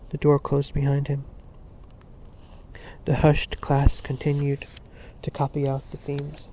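A man narrating a literary audiobook in a steady, sober reading voice, on a dull lo-fi recording. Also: medium pitch, a little slow, long pauses.

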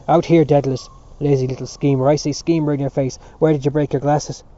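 A man's voice: medium pitch, level tone, a little fast, warm tone, lightly acted. A man voicing a stern, bullying priest who runs a boys' classroom, barking scornful orders. The sound is dull and lo-fi. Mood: accusing.

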